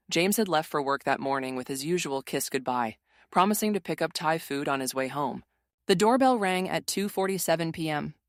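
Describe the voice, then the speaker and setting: Female narrator with a low voice, measured and steady, reading a dramatic first-person story, dry booth sound. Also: dry recording.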